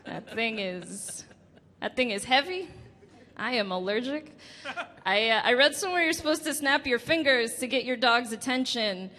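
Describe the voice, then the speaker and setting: A woman in her late twenties doing a stand-up set on a club stage, halting and laughing at her own jokes. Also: a little high, animated, bright, forceful tone. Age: late 20s. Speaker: stand-up comedian. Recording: reverberant club room with faint music.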